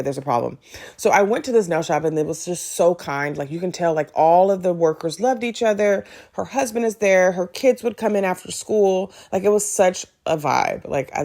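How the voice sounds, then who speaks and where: A woman hosting a podcast, telling a personal story in a chatty, animated way and acting out the dialogue. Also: deep voice. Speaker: podcast host. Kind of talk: casual storytelling monologue.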